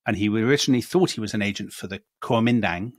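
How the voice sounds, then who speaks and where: A man's voice: on the low side, quick pace, dry recording, clean studio sound. A British man co-hosting a history podcast, telling the story in a chatty, storytelling way with frequent ums. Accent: British English. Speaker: podcast co-host. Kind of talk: casual history chat.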